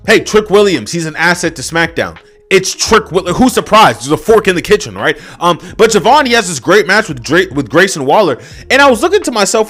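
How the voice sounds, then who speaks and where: A man's voice: a little high, a bit bright. A young man ranting unscripted as a wrestling reviewer, exasperated and profane, full of fillers. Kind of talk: unscripted rant.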